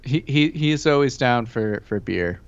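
A man's voice: medium pitch, animated, normal speed, slight background noise. Laid-back man, slightly muffled recording. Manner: laid-back, rambling, chuckling. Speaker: podcast co-host. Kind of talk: casual chat. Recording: slightly dull lo-fi sound.

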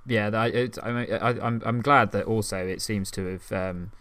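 A man co-hosting a casual podcast, chatty and quick to laugh, with the odd swear word. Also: on the low side, steady tone, a bit bright, no echo. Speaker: podcast co-host. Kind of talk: casual chat.

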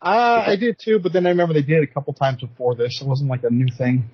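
A man's voice: a little high, steady tone, fast talker, breathy edge, dry recording. A man co-hosting a podcast, chiming in with wrestling trivia and quips in casual chat. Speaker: podcast co-host. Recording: dull lo-fi sound.

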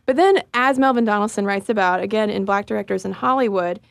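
A woman's voice: medium pitch, fast, vocal fry, dry recording. Chatty woman co-host, casual podcast delivery, dead-dry studio sound. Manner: chatty, laughs while talking.

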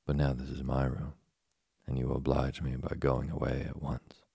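A man with a husky, gravelly voice reading the lines of a patient, preachy old male cricket in an audiobook. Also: a bass voice, moderate pace, no room sound, clean studio sound, exaggerated voice. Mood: calm, preachy. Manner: calm and preachy.

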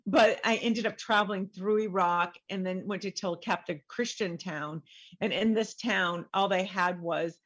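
A woman's voice: mid-range voice, measured pace, fairly bright tone. A middle-aged woman, a guest author, telling her story in a casual interview and animatedly acting out the voices she quotes.

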